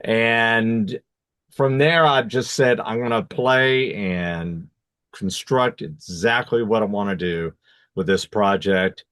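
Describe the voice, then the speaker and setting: A male guitarist speaking reflectively in a band interview, with a close, dry sound. He pauses and corrects himself as he works out what he wants to say. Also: lowish voice, a bit bright, clean tone, no room sound. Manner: reflective, halting, self-correcting. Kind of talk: casual interview chat.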